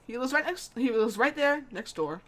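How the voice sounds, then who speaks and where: A young woman giving let's-play commentary, chatty and giggly with self-mocking asides. Her voice sits fairly high and swings a lot in pitch as she talks. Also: expressive, moderate pace, fairly bright tone. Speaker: gamer.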